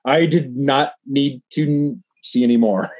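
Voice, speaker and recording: A man who is tipsy co-hosts a podcast, reading articles aloud in profane, rambling banter and restarting often. He speaks at a measured pace with a medium pitch and darkish tone, in a dry recording.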